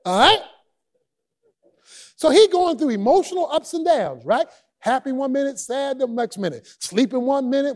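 High, animated preacher swinging loud to soft. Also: male voice. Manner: lively, humorous, with sudden shouts and drops to near a murmur; casual vernacular grammar. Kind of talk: sermon.

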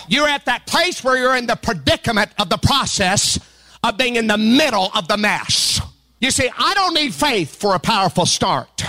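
A male pastor preaching a sermon to a church congregation, calling for amens and building to fervent shouts. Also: very high voice.

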